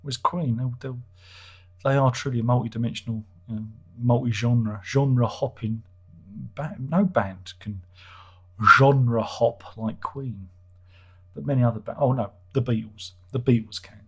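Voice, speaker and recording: A man's voice: medium pitch, measured pace, fairly bright tone, breathy edge. A man hosting a casual livestream, reading out chat comments in a rambling, self-interrupting, wry way.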